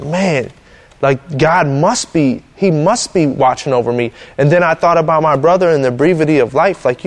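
A young man telling his personal testimony in an earnest, halting way, with frequent restarts and fillers. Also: medium pitch. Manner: earnest, halting, emotional storytelling.

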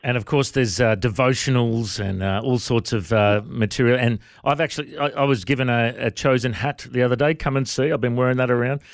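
A man's voice: mid-range voice, fairly even intonation, brisk, hardly any pauses, no room sound, studio quality. A man hosting a radio interview in a chatty, friendly way. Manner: chatty, says mate. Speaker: radio host.

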